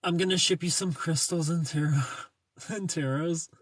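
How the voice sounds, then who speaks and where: A man's voice: fairly high pitch, fairly even intonation, normal speed, breathy edge, no room sound. A young man hosting a casual livestream, reading viewer comments and joking playfully, greeting people by name. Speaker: livestream host reading chat.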